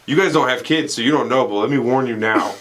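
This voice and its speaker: A man's voice: mid-range voice, quick pace, fairly bright tone. A young man co-hosting a podcast, telling rambling, profane stories in casual banter and laughing often. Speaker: podcast co-host.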